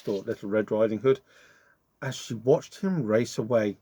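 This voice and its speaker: A man reading a children's fairy tale aloud in an expressive storytelling manner. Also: on the low side, moderate pace, slightly rough.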